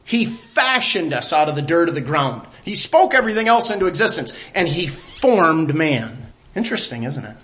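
High-voiced male preacher. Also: sing-song, moderate pace. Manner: emphatic, drops to a hush then rises. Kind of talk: sermon.

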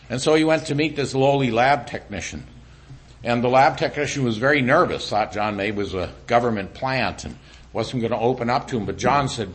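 A middle-aged man preaching a sermon in an animated way, dropping to a hushed voice when he speaks as God. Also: on the low side. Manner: animated preaching, drops to a quiet voice for God's lines. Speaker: pastor.

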